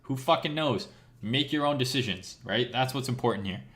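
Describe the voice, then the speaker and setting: A hoarse man rants bluntly on a live stream, his voice worn from talking for hours. He talks to his viewers as a crypto trader in a casual, profane way and keeps checking in with "right?". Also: medium pitch, normal speed, fairly bright tone. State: losing his voice.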